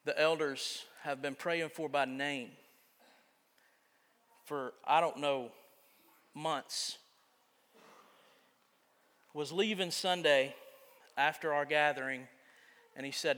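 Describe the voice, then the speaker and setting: A man preaching a sermon as pastor in a church, earnest, moving between loud emphasis and quiet confiding. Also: a little high, fairly even intonation, slow, pauses often. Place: church sanctuary. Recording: long church reverb.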